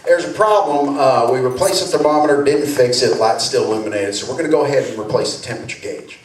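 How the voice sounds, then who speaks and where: A comedian voicing a polite, upselling Southern car dealership service man with a slow drawl. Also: mid-range voice, slight background noise, voice pushed down, close to an everyday voice. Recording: roomy club sound from a distance, audience.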